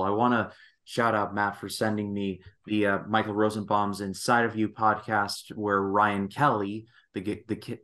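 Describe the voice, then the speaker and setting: Low-voiced man hosting a casual podcast. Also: a bit bright. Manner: rambling, self-correcting. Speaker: podcast host. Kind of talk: casual chat.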